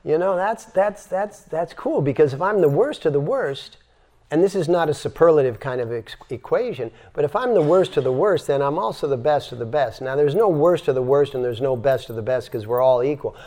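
A fairly high-pitched, mellow voice belongs to an older yoga teacher giving a spiritual talk, a little fast and with lively intonation. He demonstrates breath sounds with sighing exhales and stresses points in his stories.

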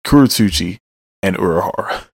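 A man with a low voice talks through manga chapters in a loose, joking way, with offhand asides and some swearing. His voice sits dry and close, with no room sound around it. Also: animated, moderate pace, no room sound. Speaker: manga reader and recapper. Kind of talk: casual chapter recap.

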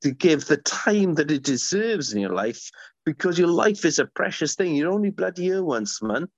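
A man's voice: fairly high pitch, very animated, normal speed, no echo. A middle-aged man chatting as an interview guest, eager and rambling, tripping over his words as he tells stories. His voice sounds dull and lo-fi, with a dry, close sound. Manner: enthusiastic, rambling storyteller with many restarts. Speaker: guest, author. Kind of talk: conversational podcast interview.

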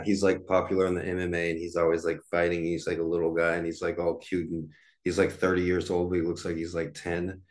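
A man in his forties hosting a casual solo podcast, rambling with lots of fillers and restarts. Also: deep voice. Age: 40s. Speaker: podcast host.

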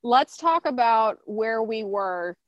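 A woman's voice: on the high side, animated, slow pace, no room sound, muffled recording. A woman hosting a casual online talk, effusive and encouraging with guests. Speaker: host.

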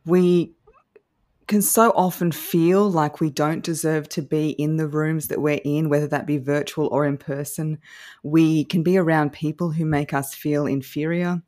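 A woman's voice: low-pitched, fairly even intonation, measured pace, warm tone. A young woman, a voice and speaking coach, bubbly and confident as a podcast guest. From Australia. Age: young adult. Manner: bubbly and confident, laughs easily. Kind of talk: podcast interview.

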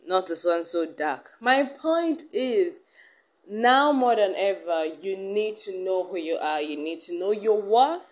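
A woman's voice: medium pitch, animated, slow pace. A young adult woman hosting her own vlog, talking in a chatty, earnest way and often restarting her sentences. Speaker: vlog host. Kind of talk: casual self-talk vlog.

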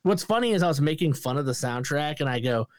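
A man's voice: on the high side, fast talker, no echo, clean studio sound. A man co-hosting a casual movie review podcast, swearing freely and mimicking lines in sudden put-on voices. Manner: profane, animated, mimics lines with bursts of voices. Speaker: podcast co-host.

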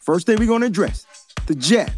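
A man hosting a casual sports talk show, talking in an animated, emphatic way and repeating his points. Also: sits high, brisk, faint music behind.

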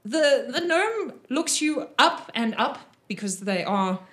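A woman narrating a tabletop game as game master, in an animated manner with frequent giggles. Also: high voice, slow. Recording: roomy echo.

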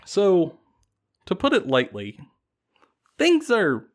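A man casually retelling a fantasy battle story on a podcast, animated and laughing often. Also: medium pitch, a little slow.

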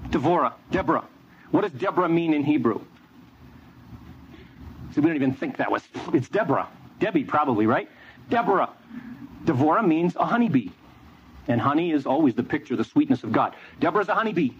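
A man's voice: a little high, very animated, brisk, long pauses. A man preaching a sermon, telling a story with energy and quizzing the audience. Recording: dull lo-fi with faint noise.

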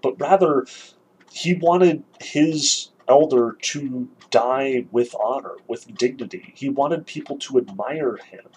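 A man giving an earnest, emphatic literature lecture, stressing key points with occasional restarts and a husky voice. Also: medium pitch, slight background noise, low-quality recording.

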